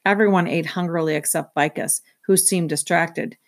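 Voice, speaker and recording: A woman narrating a children's novel aloud in a steady, clear storytelling manner. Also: fairly low pitch, moderate pace. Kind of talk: children's book read-aloud.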